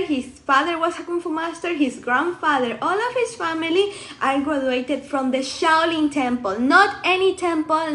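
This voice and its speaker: Woman storyteller, high bright voice, animated and laughing, casual vlog delivery. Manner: animated, laughs often, acts out quotes. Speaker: author sharing her story.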